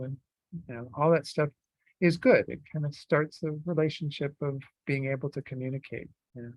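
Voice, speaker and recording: A man giving a Buddhist teaching in a relaxed, conversational way, with frequent fillers and restarts. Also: on the high side, a little fast, no room sound, rough recording. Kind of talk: dharma talk.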